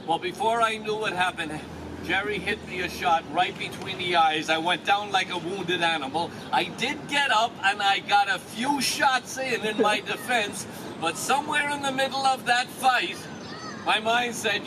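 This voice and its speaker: An older man from Ireland with an Irish accent, telling a personal story in a measured, wry, deliberate way. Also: sits high, background noise.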